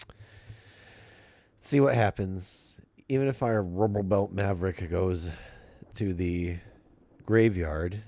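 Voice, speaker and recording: A man's voice: low-pitched, vocal fry, mellow, slight background noise. A middle-aged man streaming a card game, chatting casually and goofily to his viewers with jokey asides. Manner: goofy, self-mocking, jokey asides to chat.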